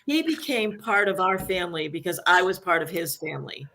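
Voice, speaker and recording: A woman speaks as a guest on a casual show, reliving a personal story. She gets emotional and animated, putting on the voices of the people she quotes. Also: fairly low pitch, a little fast. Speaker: guest, dialysis industry worker.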